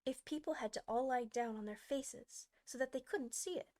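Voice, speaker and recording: A woman's voice: high voice, moderate pace, a little mellow, natural voice. Casting: woman reading as a courteous young heroine who stands her ground, storybook style. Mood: polite. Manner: polite yet plucky. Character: polite, curious young girl. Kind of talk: audiobook character voice.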